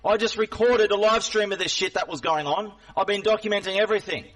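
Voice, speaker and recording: A man's voice: high-pitched, fast talker, fairly bright tone, recorded from a distance, low-quality recording. A man in an angry, confrontational rant at a chat viewer during a live stream, repeating himself and swearing.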